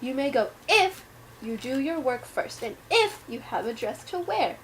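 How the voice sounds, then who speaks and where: A woman's voice: high-pitched, sing-song, a little slow, slight background noise, poor audio. A woman voicing a cold, bossy storybook stepmother in a playful reading at home, stern and commanding.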